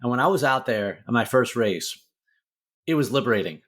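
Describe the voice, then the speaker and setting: His voice is mid-range, a bit bright and animated, at a normal speed. A middle-aged motivational speaker, he's telling his own hard story in a podcast interview, candid and emotional, swearing freely and filling with "like."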